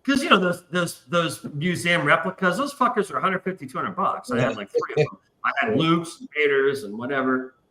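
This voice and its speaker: A man's voice: on the high side, sing-song, fairly quick, hardly any pauses, pushed and bright, roomy sound. A man hosting a casual livestream chat, telling long rambling profane stories. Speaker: podcast host.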